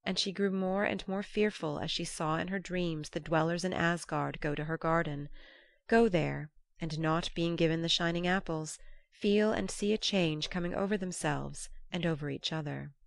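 A woman narrating an old-fashioned storybook in a measured, storytelling manner. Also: on the low side, fairly even intonation, vocal fry, dry recording. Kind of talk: storybook reading.

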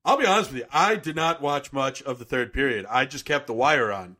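A man's voice: mid-range voice, fairly quick, sharp tone. A man co-hosting a sports podcast, talking in a ranting, sarcastic, profane way. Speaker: podcast co-host. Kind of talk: casual sports chat.

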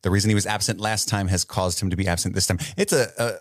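A man's voice: deep voice, steady tone, fast, no echo, clean studio sound. A man co-hosting a podcast in casual chat, chatty and laughing often, sometimes reading listener emails aloud. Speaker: podcast co-host.

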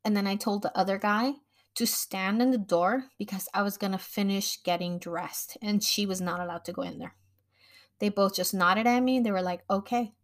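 A woman talking casually on a podcast, candid and expressive, with a middle-pitched everyday voice. She tells her story frankly and swears freely. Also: moderate pace. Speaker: podcast host.

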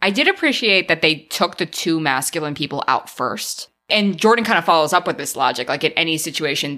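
A woman co-hosting a podcast, recapping a horror movie in casual chat and acting out the characters' lines. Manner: animated, acts out characters' lines with big pitch jumps. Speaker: podcast co-host.

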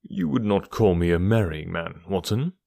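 A man reading the part of a calm, cool-headed middle-aged detective in an audiobook, speaking in a measured, dryly assured, hushed way. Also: low voice, vocal fry, no echo, studio quality, pitched below the performer's own voice. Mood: dry, amused.

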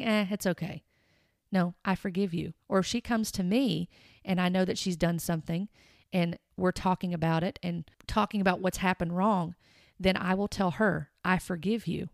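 A woman in her thirties giving an earnest, emphatic Bible teaching, slowing down to stress her points. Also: on the low side, no echo, clean studio sound. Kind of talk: podcast-style teaching monologue.

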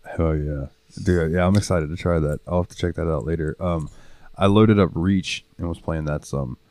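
A man's voice: deep voice, normal speed, darkish tone, no echo. A young man co-hosting a casual podcast, telling stories with plenty of swearing and laughter. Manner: storytelling, swears freely, laughs often. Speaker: podcast co-host. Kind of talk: casual chat.

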